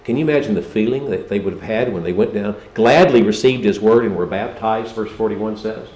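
A man's voice: fairly low pitch, brisk, a little mellow. A man preaching a sermon, impassioned and full of rhetorical questions to the congregation. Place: church. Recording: roomy church hall, faint ambience.

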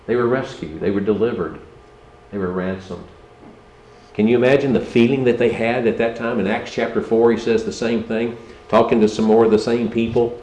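A man's voice: fairly low pitch, steady tone, moderate pace, a little mellow, a little hiss or hum. Man preaching, fervent, rising and falling delivery, echoey church room with faint ambience. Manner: impassioned, rising and falling, rhetorical questions to the congregation. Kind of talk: sermon.

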